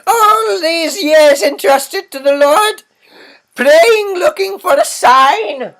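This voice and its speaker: A player voicing a despairing sister in a game with a deliberately silly, wailing high voice. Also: expressive, a bit bright, full character voice, poor audio. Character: despairing nun-like sister, shrill and tearful. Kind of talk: reading game dialogue aloud.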